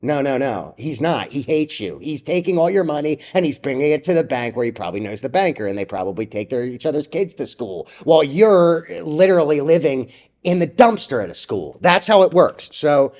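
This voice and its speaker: A young man ranting bluntly about stock trades, profane and rambling, with a slightly high voice. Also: sing-song, fairly quick, a little mellow. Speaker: stock trading vlogger. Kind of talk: casual ranting commentary.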